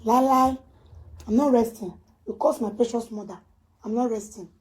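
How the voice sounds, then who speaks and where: A woman vlogger with a Nigerian Pidgin accent, ranting on camera and swinging from low muttering to loud, high scolding. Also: normal speed. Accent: Nigerian Pidgin English. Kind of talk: casual ranting vlog.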